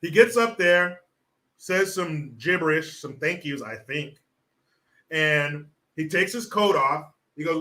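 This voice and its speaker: A man giving sarcastic political commentary in an animated, mocking way. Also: on the high side, slow. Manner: sarcastic, animated, laughs often.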